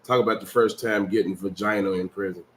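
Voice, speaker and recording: Low-voiced man reading donations. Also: steady tone, quick pace, slight background noise. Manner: brief, matter-of-fact reading. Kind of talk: reading viewer donations aloud.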